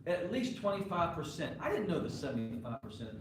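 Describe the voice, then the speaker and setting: A man's voice: on the high side, sing-song, a little fast, a little hiss or hum. A male pastor preaching a sermon to his congregation in a conversational way, often putting questions to the listeners. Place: church sanctuary. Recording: echoey live church recording from far off.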